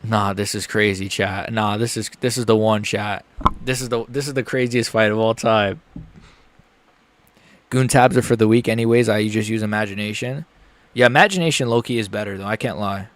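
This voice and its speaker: A nervous young man on a live stream reacting to a fight, rambling to chat, muttering low and then yelping high. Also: normal speed, noisy background.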